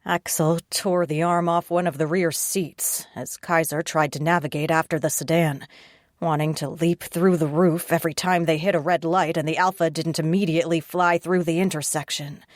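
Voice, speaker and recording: A woman narrating a third-person audiobook in a steady, gritty way. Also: deep voice, moderate pace, no room sound, clean studio sound.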